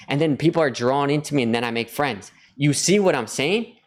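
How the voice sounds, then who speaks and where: A man's voice: a little high, quick pace, few pauses. Earnest rambling man on the verge of tears. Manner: rambling, earnest, repeats words, builds to excited. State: near tears. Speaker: vlogger. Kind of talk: emotional personal reflection to camera.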